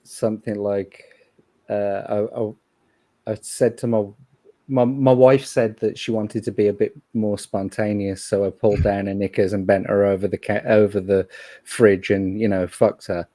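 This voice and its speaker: A man's voice: on the low side, level tone, moderate pace, mellow, no echo. A man from Birmingham with a Brummie accent, chatting casually and joking dryly on a livestream. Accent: Birmingham English. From Birmingham, England. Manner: dry, joking, uses British slang. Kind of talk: casual chat.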